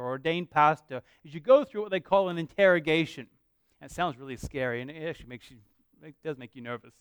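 Earnest Australian pastor with a clear voice. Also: male voice, high-pitched, dry recording, clean studio sound. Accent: Australian mixed with American. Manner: earnest, conversational preaching with dramatic pauses. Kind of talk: sermon.

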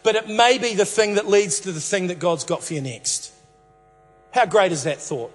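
A man's voice: high-pitched, normal speed, big-room sound, faint music behind. A man preaching a sermon as a pastor, telling a Bible story playfully and returning to the same catchphrases again and again.

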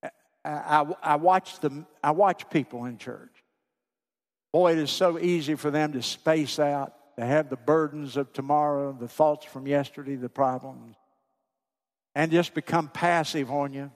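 A pastor preaching a sermon to his congregation, pleading with fervor, then dropping to a hushed voice. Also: fairly high pitch, fairly even intonation, unhurried. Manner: impassioned, pleading preacher who drops to a hushed voice. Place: church sanctuary. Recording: long hall reverb.

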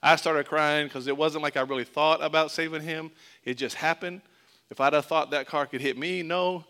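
A middle-aged man from Florida preaching in a loose, conversational way, slipping jokes in between scripture. His voice sits a little high and rings bright and clear, easy to follow as he tells a story from his boyhood. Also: steady tone, moderate pace. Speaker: pastor. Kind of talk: sermon with personal story.

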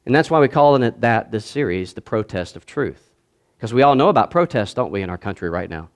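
A man preaching a sermon as pastor, swinging between loud declaiming and quiet asides and calling on the congregation to answer back. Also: fairly low pitch, big pitch swings, fairly quick.

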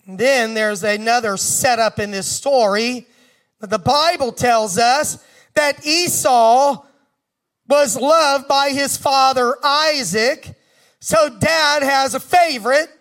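A man's voice: very high voice, takes it slowly, fairly bright tone. A man preaching a sermon, retelling a scripture story with emphatic repetition and asides to the congregation.

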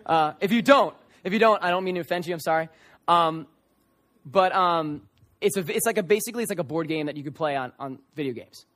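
A young male pastor with a high voice gives a sermon to a live audience. He talks earnestly, tells stories with energy and often restarts his sentences. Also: a little fast. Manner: earnest, animated storytelling with many restarts. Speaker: youth pastor. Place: church service room before an audience.

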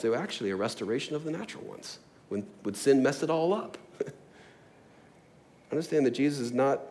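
A man's voice: mid-range voice, a little mellow. A man preaching a sermon in a church, conversational and prone to laughing, building to emphatic passages. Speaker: pastor. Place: church sanctuary.

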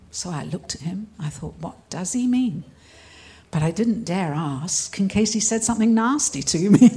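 An older woman from England tells her testimony at a conference. She speaks slowly and earnestly, at a middle pitch, and laughs easily between her lines. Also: darkish tone. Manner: earnest storytelling, breaks into laughter. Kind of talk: testimony talk.

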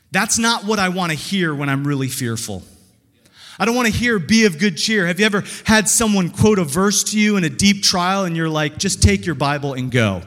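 A man's voice: high-pitched, a bit bright, long reverb tail. A man preaching an earnest, conversational sermon full of rhetorical questions and restarts. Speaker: pastor.

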